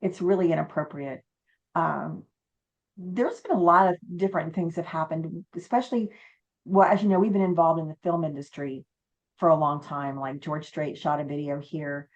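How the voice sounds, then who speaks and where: Lower-pitched woman guest, lively storyteller, slightly dull lo-fi sound. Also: normal speed. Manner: animated storyteller, acts out quotes. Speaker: haunted inn owner and guest. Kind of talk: casual storytelling interview.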